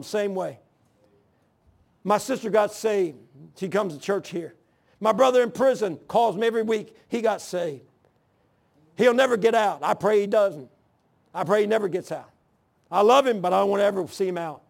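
A man in his sixties preaches a sermon in church, weaving scripture together with his own testimony in an earnest, folksy storytelling style with rough grammar. His voice is high, and he speaks at a moderate pace with long pauses.

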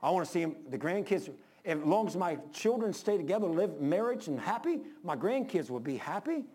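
An older man preaching a sermon to his congregation, impassioned, rising to urgent peaks and dropping low. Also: sing-song, fairly quick, darkish tone, slightly rough. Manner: impassioned preaching, rises then drops low. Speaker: pastor.

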